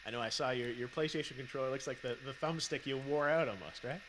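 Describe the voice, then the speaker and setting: A man's voice: mid-range voice, quick pace. A man hosting a live in-game event, upbeat and interviewing his guest. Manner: upbeat presenter, hyping and interviewing. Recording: noisy game-stream audio.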